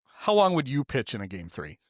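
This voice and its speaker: A man's voice: mid-range voice, wildly swooping pitch, a little fast, no room sound, clean studio sound. A podcast co-host in a casual chat, a man telling jokey stories and laughing at them.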